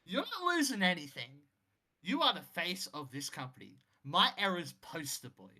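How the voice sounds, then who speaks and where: A man's voice: sits high, very animated, normal speed, bright, forceful tone, voice pushed up, full character voice. A man voicing a smug older male wrestling boss who gives commanding orders.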